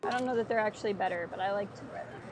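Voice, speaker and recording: A woman's voice: mid-range voice, racing. Chatty woman streamer over game music. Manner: chatty, amused, rambling. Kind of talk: casual gameplay commentary.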